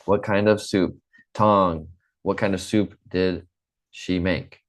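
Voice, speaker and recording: Deep-voiced patient male English teacher. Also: fairly even intonation. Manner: patient, encouraging, slow clear drilling. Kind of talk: online English class.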